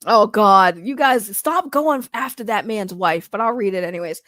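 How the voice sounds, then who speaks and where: A woman's voice: mid-range voice, normal speed, a bit bright, no room sound, clean studio sound. A woman doing casual, comedic commentary, giggling often between remarks. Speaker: commentary YouTuber.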